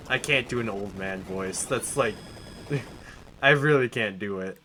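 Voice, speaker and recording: A man's voice: lowish voice, unhurried. A man streaming a video game, chatting casually and laughing, with game music underneath. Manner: animated, laughing, chatty reactions. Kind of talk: casual gameplay commentary.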